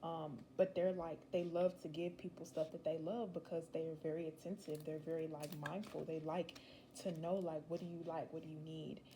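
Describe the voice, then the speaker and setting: A woman's voice: low voice, level tone, moderate pace, noisy background. A young woman giving a casual, rambling tarot reading, chatty and slangy with emphatic asides. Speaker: tarot reader.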